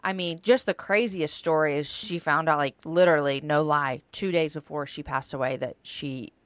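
Low-voiced woman hosting a chat. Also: steady tone, normal speed, no room sound. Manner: warm, chatty, affirming with frequent yeahs. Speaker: podcast host. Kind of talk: casual faith chat.

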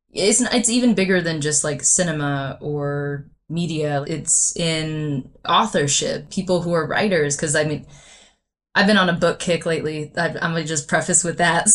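Woman guest, lowish voice, lively and quick to laugh, easy conversational read. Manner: animated, laughs often. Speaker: podcast guest. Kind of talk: casual conversation.

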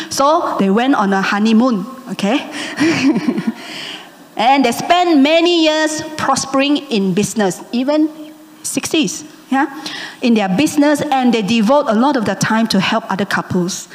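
A woman preaching a sermon, telling a story with animated delivery and often checking in with the congregation. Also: high-pitched, moderate pace, long reverb tail. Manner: animated, asks the congregation "okay?" and "amen?".

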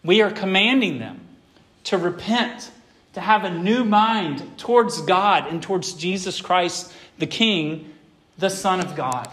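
A middle-aged man delivers a sermon to his congregation. His voice sits a little high for a man, and he presses hard on key points before easing back down. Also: takes it slowly. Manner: emphatic preaching, swinging from loud to quiet. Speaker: pastor.

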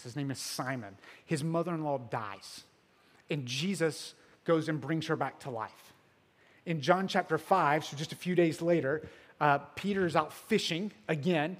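A man giving a sermon as a pastor, telling the story casually with filler words and swinging between loud emphasis and hushed moments. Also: fairly high pitch, big-room sound.

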